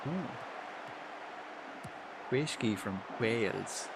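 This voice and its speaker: A man's voice: mid-range voice, expressive, very slow, gravelly, very noisy. A young man streaming a football management game, muttering to himself, swearing and chatting loosely with his viewers. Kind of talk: casual live-stream commentary.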